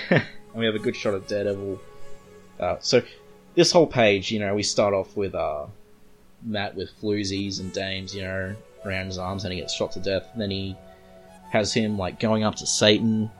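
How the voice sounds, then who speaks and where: Casual Australian male comic reviewer, lower voice, faint music underneath. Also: fairly even intonation, moderate pace. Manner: chatty, rambling, reads comic lines aloud.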